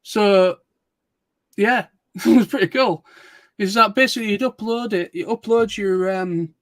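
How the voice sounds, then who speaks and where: A man's voice: sits high, unhurried, no room sound. A man streaming casual chat, telling rambling stories with restarts and laughter.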